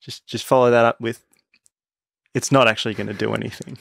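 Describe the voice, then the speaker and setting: Man, gravelly voice, casual podcast chat, halting and rambling, dry close mic. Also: mid-range voice, level tone, fairly bright tone, no echo. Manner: rambling, many restarts and fillers. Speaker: podcast co-host.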